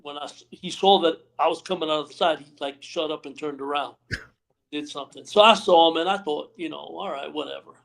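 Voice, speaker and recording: This brisk, slightly bright voice is on the high side and belongs to a man who once wrestled professionally. Interviewed as a guest on a remote live stream call, he tells rambling backstage anecdotes, mimics what others said and keeps saying "you know what I mean".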